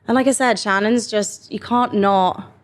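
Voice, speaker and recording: A young English actor, a woman with a mid-range voice, chats unhurriedly in a casual interview. She tells animated stories packed with quoted asides.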